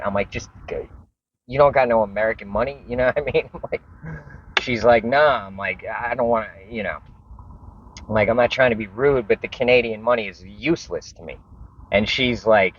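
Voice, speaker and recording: Rambling deep-voiced New man. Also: fairly bright tone, muffled recording. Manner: rambling, repeats words, restarts sentences. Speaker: vlogger telling a personal story. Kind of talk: casual storytelling.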